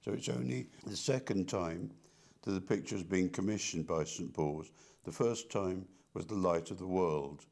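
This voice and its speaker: An older man with a very low, deep voice talks through his memories in a relaxed interview. He stumbles and restarts often and repeats words as he goes. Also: moderate pace, vocal fry. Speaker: interviewee, artist. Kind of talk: casual reminiscing conversation.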